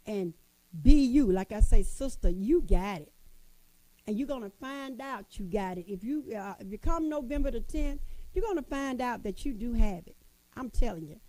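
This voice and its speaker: A woman in a casual motivational talk to women, folksy and lively, calling her listeners sisters. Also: on the high side, normal speed, no room sound, rough recording.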